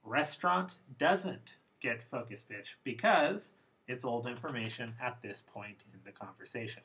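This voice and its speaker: A man teaching English pronunciation in a recorded lesson, explaining slowly and with deliberate emphasis. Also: medium pitch, sharp tone, slight background noise, low-quality recording.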